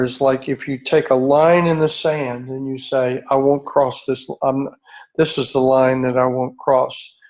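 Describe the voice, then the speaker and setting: A middle-aged man talks to a retreat group in a slow, earnest and reflective way. His pitch stays level and even, and he often stops to restart a sentence as he searches for the right phrase. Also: low-quality recording. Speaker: retreat leader. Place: outdoor retreat by a beach.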